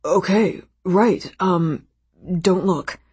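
A woman's voice: fairly low pitch, extremely slow, a little mellow, husky, exaggerated voice. Woman reading as a blunt, eager young man. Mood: urgent. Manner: sarcastic, matter-of-fact.

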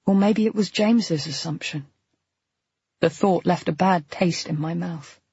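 A man giving a first-person narration with a wry, steady storytelling manner. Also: high voice, a little slow, slightly rough, dry recording, dull audio.

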